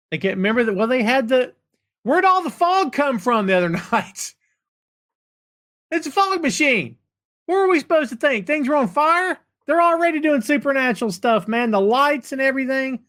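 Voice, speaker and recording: A man hosting a live chat show, talking in an animated, rambling way with folksy slang and chuckles as he reads viewer comments. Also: on the high side. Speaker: podcast host.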